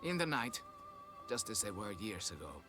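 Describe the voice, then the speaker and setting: A pompous, lively-voiced nobleman. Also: fairly low pitch, moderate pace, music in the background. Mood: aloof. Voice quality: pompous, condescending. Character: pompous haughty middle-aged male vineyard nobleman. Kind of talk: video game dialogue.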